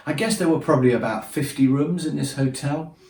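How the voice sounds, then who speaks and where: This man's voice is fairly high and a little mellow, and he speaks briskly. He's a storyteller recounting travel anecdotes in a chatty, self-deprecating manner, acting out the humorous parts, with his voice sounding distant in an echoey room.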